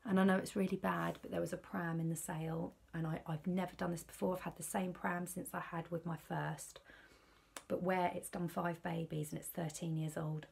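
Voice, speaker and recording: British woman in her thirties, anxious confiding vlogger, deep husky voice. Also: flat delivery, normal speed. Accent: British English. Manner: worried, rambling, confiding. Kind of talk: candid personal vlog.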